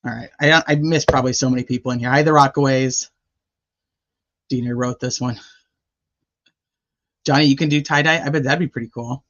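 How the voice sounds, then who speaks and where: A woman's voice: very deep voice, fairly even intonation, fairly quick, long pauses. Woman, live-stream host, rambling casual chat, greets viewers, muffled lo-fi audio. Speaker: livestream host.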